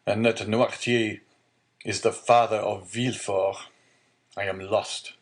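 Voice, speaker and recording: A man's voice: on the low side, level tone, slow. A man reading a stern, shaken magistrate. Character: stern male magistrate, secretly panicked.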